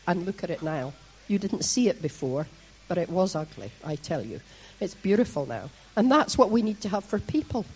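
Scottish lady preaching, breathy voice, lively and jokey, dull muffled recording. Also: mid-range voice. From Scotland. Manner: lively, chatty and self-mocking, with asides to the congregation. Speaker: church leader preaching. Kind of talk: sermon.

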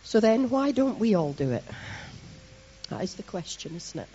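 A middle-aged Scottish woman from Scotland giving a lively, chatty sermon to her congregation, with self-mocking asides. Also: mid-range voice, moderate pace, muffled recording, a little hiss or hum. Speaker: church leader preaching.

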